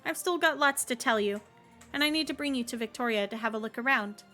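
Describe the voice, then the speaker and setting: Woman streamer reads a brash young fighter woman: blunt, teasing, a little high, soft music under. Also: fast.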